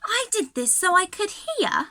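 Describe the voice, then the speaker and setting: A woman's voice: very high-pitched, very animated, measured pace, pushed and bright. A young woman leading a children's singalong and movement lesson, bubbly and encouraging, with a sing-song delivery and frequent laughs. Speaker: early years music and drama teacher.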